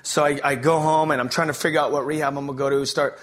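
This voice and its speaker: Slangy, excitable man. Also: a little high. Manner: energetic, slangy storytelling with quick restarts. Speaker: speaker giving his testimony. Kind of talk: testimony preaching to a live audience.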